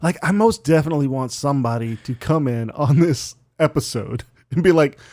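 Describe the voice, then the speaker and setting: A man's voice: a little high, lively intonation, a little fast, darkish tone, no echo, studio quality. A man co-hosting a podcast in casual chat, blunt and teasing, swearing and laughing often. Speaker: podcast co-host.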